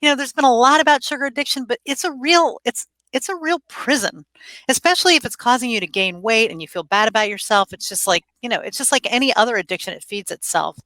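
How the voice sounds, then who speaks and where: A woman's voice: on the high side, fast talker, bright, forceful tone, no echo, low-quality recording. A middle-aged woman, a guest and podcast co-host, talking in an earnest, reflective way. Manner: earnest, reflective, speaks from experience. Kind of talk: casual conversation.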